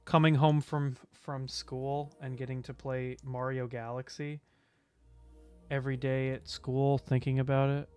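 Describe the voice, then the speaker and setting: A man streaming in a casual, chatty way, getting excited, gasping and humming little tunes. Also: medium pitch, a little slow, smooth, soft background music. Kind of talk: casual chat.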